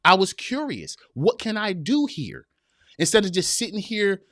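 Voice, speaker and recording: Male podcast host, a touch high-pitched, earnest and preachy, folksy livestream talk, dry close sound. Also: big pitch swings, normal speed, a bit bright, no echo. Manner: earnest, preachy, repeats himself for emphasis; folksy, addresses listeners as y'all.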